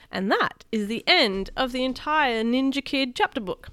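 A woman reading a children's chapter book aloud to a child as a teacher, animated and doing sound effects. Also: sits high, moderate pace, hardly any pauses, no room sound.

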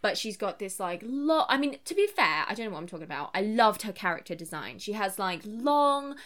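Woman podcast co-host, bright crisp tone, lively and casual, mimics film characters as she goes. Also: mid-range voice. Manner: animated, quick asides, mock-quotes characters; swears casually. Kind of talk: casual film review chat.

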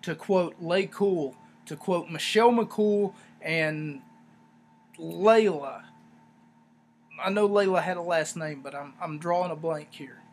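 High-pitched rambling male podcast host. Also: slow, slight background noise. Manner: rambling, sarcastic, animated asides. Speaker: wrestling review podcast host. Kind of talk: casual solo review talk.

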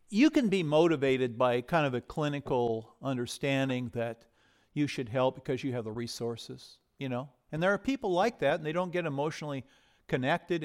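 A man preaching a sermon in a conversational way, rising to loud emphasis and dropping to hushed whispers. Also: on the high side. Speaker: pastor.

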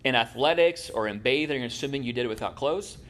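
A man preaching in a relaxed, conversational way, tossing in jokes for his congregation. His voice sits at a middle pitch for a man, and he speaks from a church sanctuary. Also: a little fast. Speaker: pastor. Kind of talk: sermon.

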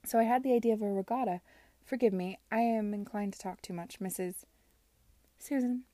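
Woman reading as a flustered young gentlewoman. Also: high voice, no room sound, lightly acted. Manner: quick, flustered.

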